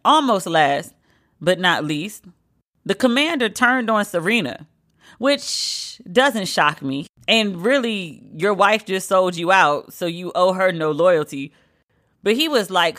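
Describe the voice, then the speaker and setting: A woman hosting a solo pop-culture podcast, talking in a sassy, sarcastic, animated way. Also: a little high, a little slow. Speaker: podcast host.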